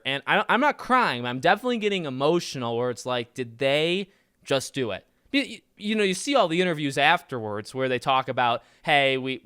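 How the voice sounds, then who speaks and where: Male podcast host, smooth resonant tone, loose restart-heavy delivery, dead-dry close mic. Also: a little high, dry recording. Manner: rambling, animated, frequent restarts and fillers. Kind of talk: casual film commentary.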